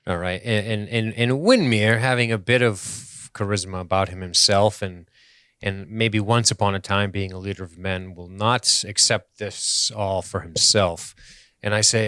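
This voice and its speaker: A man with a low voice describes his character's moves in a tabletop game, easygoing and playful. His voice is recorded dry and close. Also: fairly even intonation, moderate pace, pushed and bright, clean tone, no room sound. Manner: chuckling, playful. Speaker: player.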